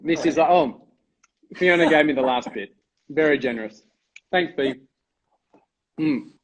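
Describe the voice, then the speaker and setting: A man's voice: on the high side, unhurried, low-quality recording. A man hosts a casual live-stream chat and gushes with enthusiasm. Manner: gushing, enthusiastic. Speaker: host.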